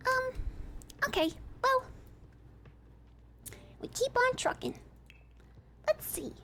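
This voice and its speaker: A woman's voice: very high-pitched, very animated, slow pace, fairly bright tone, slight background noise. A woman streamer thinking aloud in a casual, playful way while she builds in a game. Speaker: live streamer.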